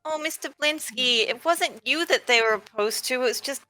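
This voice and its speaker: A woman's voice: high voice, normal speed, sharp tone. A woman speaking in character as a player in a tabletop game, consoling in tone.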